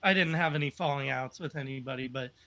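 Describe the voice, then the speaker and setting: Quick-paced and medium-pitched, this podcast guest's voice comes across pushed and bright. The American man tells loose, upbeat stories casually, with plenty of filler words.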